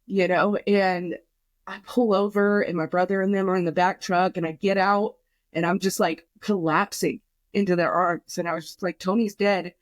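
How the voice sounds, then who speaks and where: A woman's voice: on the low side, steady tone, moderate pace, no echo. A young woman on a podcast, telling an emotional personal story in a rambling way, full of fillers and swearing, quoting herself. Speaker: podcast guest.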